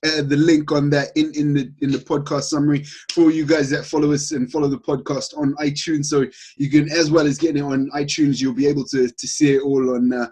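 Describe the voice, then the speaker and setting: A man's voice: on the high side, little pitch movement, fairly quick, few pauses, darkish tone, breathy edge. A man hosting a podcast, chatty and upbeat as he welcomes guests and asks questions. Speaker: podcast host.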